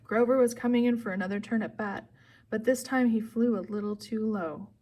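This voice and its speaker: A woman reading a first-person story aloud in a steady, clear, expressive narration. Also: on the high side, fairly quick. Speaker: audiobook reader.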